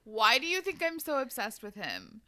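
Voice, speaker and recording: A woman's voice: on the high side, huge pitch swings, moderate pace, sharp tone. A woman hosting a podcast, recapping a story in casual chat and laughing and swearing freely. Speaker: podcast host recapping a romance novel.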